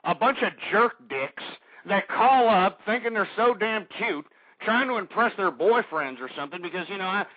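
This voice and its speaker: High-voiced ranting talk radio man. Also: expressive, moderate pace, breathy edge, no echo. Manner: profane, blustering rant that swings into yelling. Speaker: radio talk show host. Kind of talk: ranting call-in radio monologue. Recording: muffled lo-fi internet radio.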